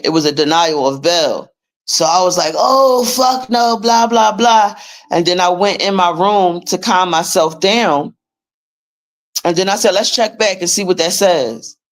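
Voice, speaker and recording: A woman hosting a livestream, ranting in a blunt, profane and emphatic way as she urges listeners to take charge of their money. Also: fairly low pitch. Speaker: livestream host teaching finance paperwork. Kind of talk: casual livestream rant.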